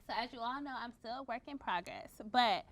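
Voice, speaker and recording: A young woman co-host talking earnestly and softly in casual chat about her next steps. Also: fairly high pitch, expressive, brisk. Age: young adult. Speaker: departing co-host.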